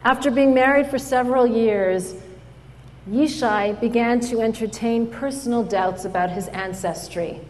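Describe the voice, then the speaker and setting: Storytelling woman in a reverberant hall. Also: a little high. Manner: animated storyteller, acts out quoted voices. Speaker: speaker at an event. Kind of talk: storytelling speech.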